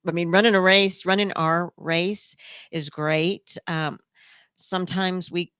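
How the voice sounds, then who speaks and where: A woman's voice: lowish voice, fairly even intonation, slow pace, fairly bright tone, clean tone, dry recording, clean studio sound. A woman hosting a radio talk show, chatty and encouraging with many fillers. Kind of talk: casual interview chat.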